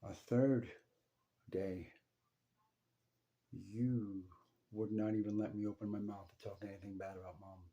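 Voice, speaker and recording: Guy with a lowish voice, swearing a lot, telling his dad a heavy story, stops and repeats words. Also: flat delivery, dark tone, lo-fi sound. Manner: intense, profane, halting with repeats. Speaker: son telling a personal story. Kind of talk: emotional first-person address.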